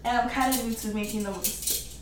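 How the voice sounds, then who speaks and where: A woman's voice: a little high, fairly even intonation, quick pace, a little hiss or hum. A chatty woman talks her way through cooking at home and laughs easily as she goes. Her voice rings around a hard, echoey kitchen. Pots and pans clatter faintly in the background. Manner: chatty, laughs often, reads out viewer comments. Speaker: home cook live-streaming. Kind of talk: casual cooking stream chat.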